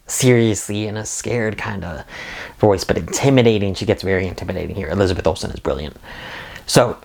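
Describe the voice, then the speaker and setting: Man, lowish voice, enthusiastic, rambling, casual review host, lots of fillers. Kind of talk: casual spoiler recap and review.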